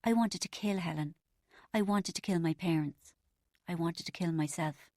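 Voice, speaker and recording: A woman narrating an audiobook in the first person, wry and expressive. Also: on the low side, moderate pace, no echo, clean studio sound.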